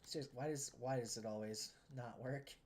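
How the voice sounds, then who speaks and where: A woman's voice: very deep voice, a little fast, darkish tone, slight background noise. A woman streaming a train building game, talking casually to herself and viewers, sarcastic and exasperated, often swearing.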